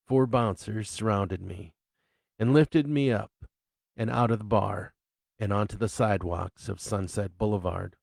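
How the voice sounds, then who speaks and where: Man, author reading his novel, low and gravelly, slow, dry close sound. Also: a little mellow, dry recording. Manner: unhurried storyteller, crude humor. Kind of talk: live reading of fiction.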